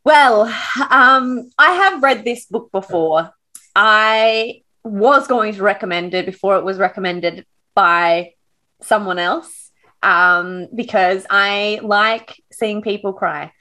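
A woman's voice: medium pitch, slow, sharp tone. A woman co-hosting a podcast, chatting casually about a book, laughing often and swearing freely. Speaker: podcast co-host.

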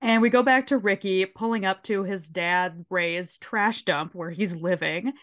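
A woman with a sore throat, co-hosting a podcast and recapping a show in an animated, swearing retelling. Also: mid-range voice, a little slow. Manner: animated, swears freely, briefly mimics characters while retelling. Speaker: podcast co-host. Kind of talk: casual chat recapping a show.

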